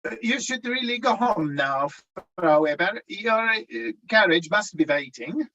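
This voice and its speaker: Brief: man reading a nervous young genius, bright voice, stammering. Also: high voice, animated, a little slow, highs cut off, exaggerated voice. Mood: flustered. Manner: hesitant, full of "uh"s. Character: young male composer, flustered and eager. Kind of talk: table-read acting.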